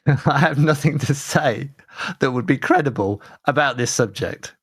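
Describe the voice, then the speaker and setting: A man's voice: mid-range voice, unhurried, husky, no echo, studio quality. A man with a Leicester accent co-hosting a comedy show, teasing and playful, often restarting his sentences. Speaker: co-host. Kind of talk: comedic banter.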